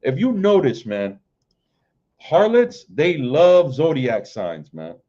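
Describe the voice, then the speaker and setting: A man preaching an informal livestream sermon, repeating "man" and "right?" between phrases and reading scripture in a drawn-out way. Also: fairly high pitch, very animated, mellow, lo-fi sound. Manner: repeats "man" and "right?", stammers and restarts, slow KJV reading. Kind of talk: informal street-style sermon.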